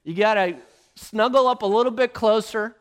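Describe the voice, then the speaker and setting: A man's voice: sits high, moderate pace, clean tone, pitched above the performer's own voice, close to an everyday voice. A man voicing a grown man casually pleading with his father for a break. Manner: casual, coaxing, raised and loud.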